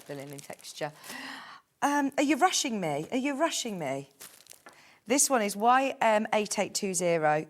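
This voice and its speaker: A woman presenting on a live home shopping show, chatty and gushing as she reads out prices and product codes. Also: mid-range voice. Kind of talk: live TV sales pitch.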